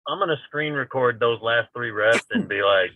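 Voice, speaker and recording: A man's voice: medium pitch, normal speed. A man co-hosting a podcast over a call, chatting casually and teasing the host. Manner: teasing, excitable. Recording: tinny phone-line call audio.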